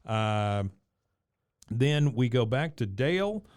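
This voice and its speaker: A man's voice: mid-range voice, lively intonation, slow, darkish tone, no room sound, clean studio sound. A man co-hosting a podcast, casually recapping a cartoon episode, quoting lines and laughing often. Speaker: podcast co-host.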